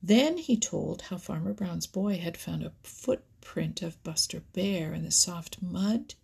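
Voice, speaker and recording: A woman narrating a children's animal storybook in a soft, often whispery, husky voice. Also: on the low side, expressive, takes it slowly. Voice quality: husky, gravelly.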